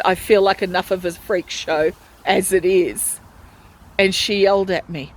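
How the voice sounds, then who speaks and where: A hospital patient vlogger with a low voice records a personal video diary from her ward; the audio is rough, with a little hiss or hum. Distressed and pleading, she retells how she has been treated.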